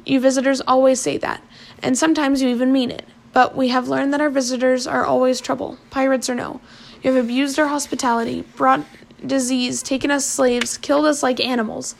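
A man's voice: very high voice, level tone, a little fast, vocal fry. Stern old island chief, read by a woman. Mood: grave.

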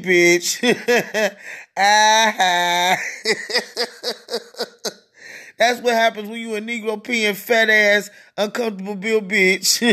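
A podcast host rants alone in slow, drawn-out phrases. The talk is crude and mocking, and the host keeps laughing, often mid-sentence. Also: medium pitch, pushed and bright. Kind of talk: solo podcast rant.

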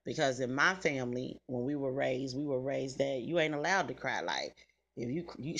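A woman's voice: extremely low pitch, lively intonation, normal speed. A middle-aged woman, telling stories to her listeners in a blunt, salty way with plenty of cussing. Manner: blunt, salty, cusses freely, talks straight to listeners. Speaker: podcast host. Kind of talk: casual storytelling chat.

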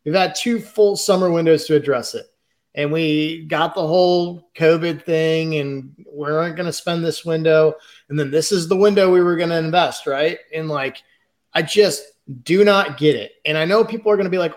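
A man's voice: on the high side, normal speed. A man co-hosting a football podcast, ranting in frustration and swearing. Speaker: podcast co-host. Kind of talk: heated football fan chat.

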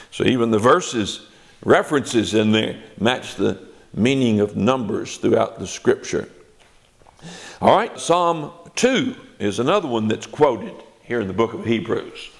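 Older man, gravelly voice, Bible teacher, sermon, expressive preaching. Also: mid-range voice. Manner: expressive preaching, reads scripture aloud with rising emphasis.

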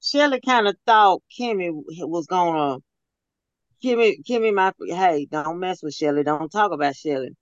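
Speaker, halting and profane, mid-pitched voice, dull lo-fi dry call audio. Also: lively intonation, clear, resonant tone, dry recording. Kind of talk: casual commentary chat.

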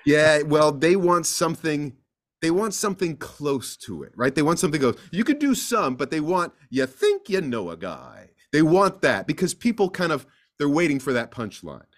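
Animated male actor telling stories. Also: on the high side, moderate pace. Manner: animated storyteller who acts out voices. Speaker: guest actor. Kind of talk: casual interview.

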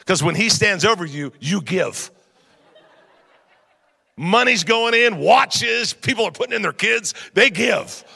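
A man preaching a sermon, an animated pastor who tells funny stories and keeps asking the congregation questions. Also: high voice, a little slow, creaky, pauses often, breathy edge. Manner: animated, jokey, talks straight to the crowd. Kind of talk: sermon with humorous storytelling. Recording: long reverb of a large hall.

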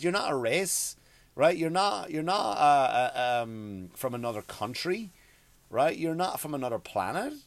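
A man's voice: medium pitch, no echo. A middle-aged man from Ireland with an Irish accent, hosting a comedic rant podcast in a crude, rambling, profane way. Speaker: podcast host.

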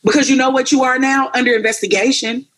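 Animated, profane ranting podcast co-host. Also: high-pitched, quick pace, a little hiss or hum. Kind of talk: casual comedic chat.

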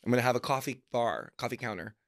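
A man's voice: medium pitch, animated, fast talker, gravelly, fairly bright tone, slight background noise. A man co-hosting a casual chat podcast, breezy and playful, rambling happily through his plans. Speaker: podcast co-host.

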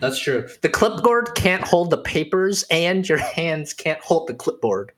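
High-voiced man running a tabletop game. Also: very animated, unhurried, fairly bright tone. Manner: laughing, loose descriptive narration. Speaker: game master.

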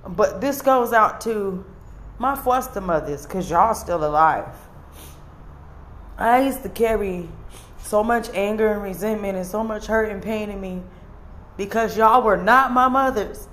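A woman's voice: mid-range voice, measured pace, slight background noise. A woman giving an earnest, emotional confessional monologue to camera, speaking bluntly and sometimes swearing. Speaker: vlogger.

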